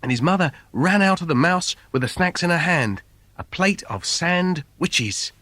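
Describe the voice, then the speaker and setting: A man's voice: on the high side, expressive, a little slow, bright, forceful tone, dry recording. A man reading a comic fairy tale for children in a playful, sing-song storyteller manner. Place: recording studio. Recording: dry studio recording.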